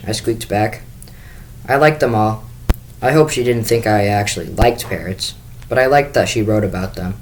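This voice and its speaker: A man's voice: on the low side, moderate pace, rough recording. A man reading a children's book aloud in first person, with the occasional small restart. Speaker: school staff reader.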